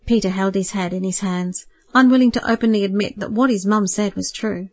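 A woman narrating a novel in a calm, measured storytelling voice, read close to the mic. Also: mid-range voice, no echo. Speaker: audiobook narrator. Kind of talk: scripted narration.

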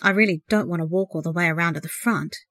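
A woman's voice: fairly low pitch, quick pace, fairly bright tone. A woman reading as a cold, hesitant young woman. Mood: uneasy. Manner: inner thoughts, hesitant. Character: cold, cautious young woman thinking to herself.

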